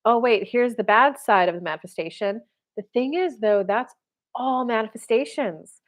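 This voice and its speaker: A woman with a fairly high voice speaking at normal speed hosts a casual spiritual livestream. She gives readings animatedly, acting out the voices of the people she describes.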